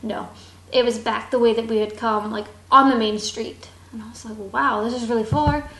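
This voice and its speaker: Animated young woman telling a story. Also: a little high, moderate pace, echoey room. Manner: animated, acts out quoted voices. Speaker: vlogger. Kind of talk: casual storytelling.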